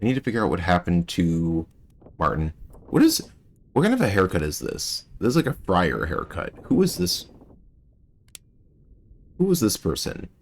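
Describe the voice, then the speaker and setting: A man streaming a mystery game, thinking aloud and chatting with his viewers in a relaxed way. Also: deep voice, moderate pace, gravelly, pauses often, a little hiss or hum. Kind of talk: casual gameplay commentary.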